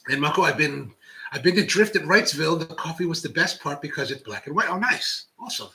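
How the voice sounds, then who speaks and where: Chatty bright-voiced man. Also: a little high, lively intonation, brisk, low-quality recording. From Baltimore, USA. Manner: rambling and chatty, drops to whispers for jokes. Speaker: coffee livestream host reading chat. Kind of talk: casual chat.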